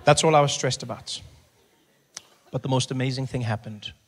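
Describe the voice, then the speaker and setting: A man telling a stand-up story, acting out other voices and rising to shouts. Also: mid-range voice, fairly even intonation, moderate pace, some chatter behind, a little hiss or hum. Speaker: stand-up comedian.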